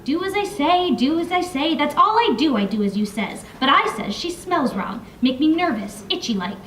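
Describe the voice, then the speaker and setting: A jittery, fawning lizard creature whimpers and grumbles in broken grammar, as a woman reads him aloud. The voice sits fairly high, and the sound is roomy and picked up from a distance, with faint ambience behind. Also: very animated, moderate pace, fairly bright tone, slight background noise. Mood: whining. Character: nervous male lizard creature, whiny and ungrammatical. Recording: echoey room, mic from far off.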